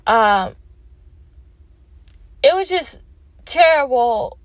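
A young woman with a Canadian accent chats through a movie review from her parked car, emphatic and self-mocking, for her casual vlog. Her voice sits high with lively intonation and drawn-out words, and there's no room sound.

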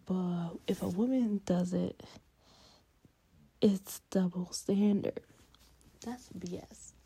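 A woman giving heated, half-whispered commentary late at night in her bedroom, keeping quiet so she won't wake her sleeping dogs. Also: lowish voice, slow pace, breathy edge, low-quality recording. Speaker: vlogger reacting to a reality show.

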